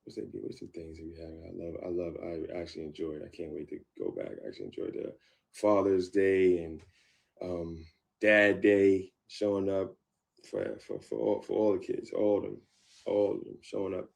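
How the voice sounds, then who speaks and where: Halting bursts, restarts and repeated words mark this deep-voiced man's speech as he recounts a former relationship. He is a guest in a candid interview, his dark, gravelly voice staying low and relaxed.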